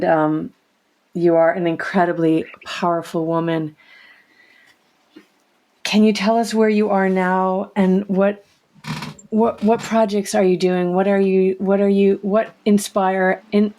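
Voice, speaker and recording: A woman's voice: on the low side, a little mellow. A woman hosting an interview, praising her guest effusively and stumbling over her words. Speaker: host. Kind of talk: casual interview.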